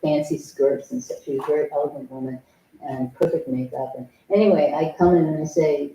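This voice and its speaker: A woman's voice: low-pitched, fairly even intonation, brisk, warm tone, far from the mic. An older woman giving a dharma talk as a Zen teacher, telling a personal story in a frank, humorous way. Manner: frank, humorous, acts out remembered dialogue. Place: temple meditation hall. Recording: echoey hall, voice from afar.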